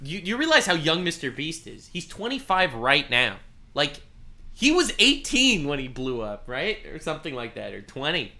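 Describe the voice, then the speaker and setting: A man's voice: on the high side, moderate pace. A young man in casual commentary, reacting to a video with sarcasm, laughter and swearing. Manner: sarcastic, laughing, cursing, loose and animated.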